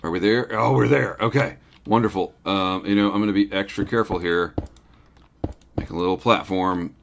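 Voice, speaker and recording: A man's voice: deep voice, normal speed, creaky, a little hiss or hum. Chatty man narrating his gameplay. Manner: chatty, talks to his pets, bursts into excited shouts. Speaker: Minecraft gameplay host. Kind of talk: casual gameplay commentary.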